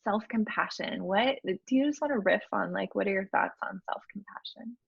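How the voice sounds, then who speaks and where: A woman hosting a podcast in a casual, reflective way, warmly affirming her guest. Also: mid-range voice, moderate pace, vocal fry, husky, no echo, muffled recording. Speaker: podcast host. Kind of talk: casual conversational interview.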